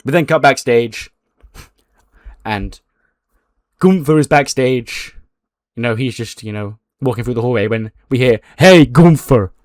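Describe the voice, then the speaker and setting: A young adult man recapping a wrestling booking game in an animated, casual way, with frequent fillers and swearing. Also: mid-range voice, unhurried, long pauses, no room sound, studio quality. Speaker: game streamer.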